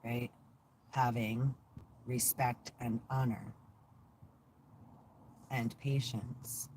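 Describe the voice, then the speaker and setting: A woman's voice: a bass voice, fairly even intonation, drawn-out words, darkish tone, a little hiss or hum. A woman hosting her own channel in casual vlog chat. She is sarcastic and swears freely, laughs often, and trails off into fillers and restarts. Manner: profane, sarcastic, laughs a lot. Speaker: channel host.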